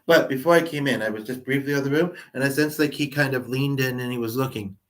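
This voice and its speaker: Guy just rambling on, thoughtful, lots of pauses, echoey room, mic a ways off. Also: medium pitch, fairly bright tone. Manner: meandering, hesitant, reflective. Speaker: vlogger, spiritual channeler. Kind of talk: casual rambling monologue. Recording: roomy, distant mic.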